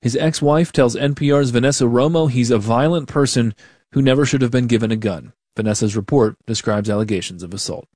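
A man hosting a radio news program, introducing a story in a crisp on-air manner. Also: mid-range voice, a little fast, a little mellow, dry recording, clean studio sound.

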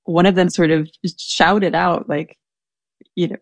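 A woman's voice: on the low side, fairly even intonation, unhurried, no echo. A young woman telling a personal story in casual chat, hesitant, with many fillers and restarts. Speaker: storyteller guest. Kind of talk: casual anecdote.

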